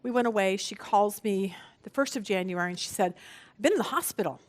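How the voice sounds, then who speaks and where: A woman's voice: medium pitch, brisk. A middle-aged woman leading a Bible study, telling a personal story with strong emotion, her voice rising when she is distressed.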